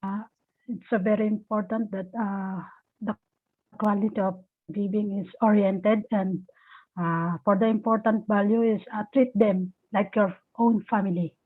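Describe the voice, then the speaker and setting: A woman's voice: mid-range voice, steady tone. Hesitant woman on a tinny call. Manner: hesitant, many "uh" pauses, polite. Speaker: caregiver trainee. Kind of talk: hesitant class contribution. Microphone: video call. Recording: tinny phone-like call audio.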